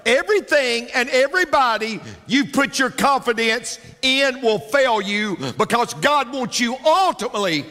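Male pastor, high bright voice, lively swooping delivery, emphatic repeats; reverberant church hall. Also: measured pace. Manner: emphatic, repeats lines for effect. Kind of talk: sermon. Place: large church.

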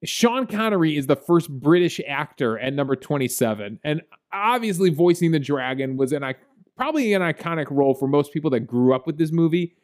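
Here a male podcast co-host talks briskly in a fairly high, expressive voice. His movie review is loose and casual, full of fillers and laughter.

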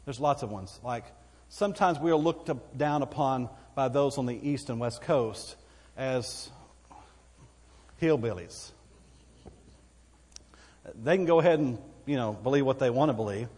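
A man's voice: medium pitch, moderate pace, a little mellow, slightly rough, big-room sound. A man with a Texan accent preaching a sermon as pastor, folksy and conversational, with asides to the congregation. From Texas.

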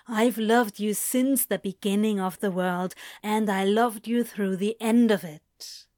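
A woman voicing a devoted, lovestruck male demon who declares his love slowly and earnestly, in a fan fiction reading. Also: mid-range voice, a little mellow, no room sound, studio quality, close to an everyday voice. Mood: earnest, loving. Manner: slow, earnest, heartfelt declaring. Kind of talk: fan fiction read aloud.

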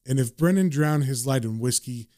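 A man voicing a weary, wry man from a comic, muttering low, reflective asides. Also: animated, brisk, a little mellow, dry recording, clean studio sound, natural voice.

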